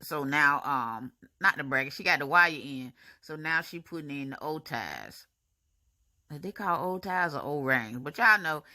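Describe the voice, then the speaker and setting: Chatty woman with a bright voice. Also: sits low, a little slow. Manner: chatty, animated, talks to viewers as y'all, honey and baby. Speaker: vlogger narrating her braces appointment. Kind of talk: casual voice-over narration.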